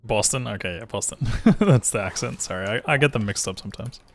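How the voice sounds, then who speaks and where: A man's voice: on the low side, expressive, a little fast, slight background noise. A young man with an Australian accent, a streamer chatting casually over gameplay, rambling with lots of filler words and swearing. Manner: rambling, full of "like", swears freely.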